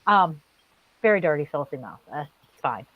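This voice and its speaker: A woman's voice: sits low, moderate pace, dry recording, muffled recording. A woman co-hosting a casual chat, telling a funny story with lots of swearing and acted-out voices. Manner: animated storyteller, swears freely, acts out voices. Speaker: co-host.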